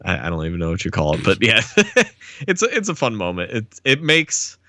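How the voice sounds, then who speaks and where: A man's voice: fairly low pitch, wildly swooping pitch, fairly quick, bright, forceful tone, no echo, studio quality. A man co-hosting a podcast, casually talking through a TV episode, with frequent restarts and laughter. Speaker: podcast co-host.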